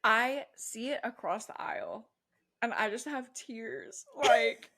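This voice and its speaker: Animated young woman, chatty podcast co-host. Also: on the high side, slow. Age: 20s. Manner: animated, laughs often, lots of "like". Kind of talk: casual chat.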